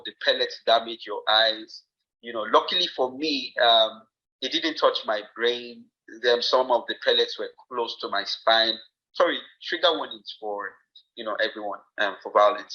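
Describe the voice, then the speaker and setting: Nigerian man, podcast guest, earnest and reflective, mid-pitched, slightly muffled audio. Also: sharp tone. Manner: earnest, reflective, many fillers and restarts. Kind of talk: personal story told in conversation.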